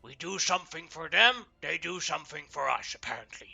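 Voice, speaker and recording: A man's voice: on the high side, animated, brisk, gravelly, sharp tone, husky, faint music behind, heavily acted. A man voicing a brash, boastful male lizardfolk raider leader who talks in blunt, broken sentences during live tabletop role-play. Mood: cocky. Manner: blunt broken speech, cocky and dismissive.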